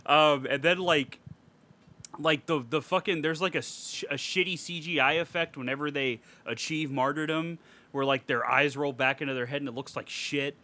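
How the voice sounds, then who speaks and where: Young guy on a podcast, bright tense voice, kinda high, swearing and laughing through a rant. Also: moderate pace. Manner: animated, profane ranting with frequent laughs. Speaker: podcast co-host. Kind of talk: casual podcast film review.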